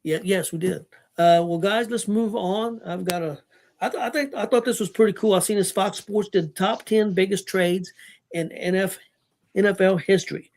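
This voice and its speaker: A man's voice: high-pitched, moderate pace, darkish tone. A middle-aged man hosting a casual sports chat, emphatic and prone to stammering restarts. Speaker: sports talk show host.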